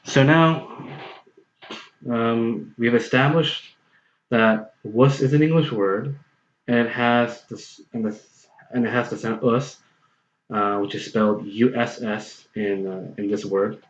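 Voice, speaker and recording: An American online language tutor with a mid-range voice gives a slow, patient pronunciation tutorial as a voice-over, explaining step by step, repeating points and often checking in with "okay." The home recording is roomy and slightly dull.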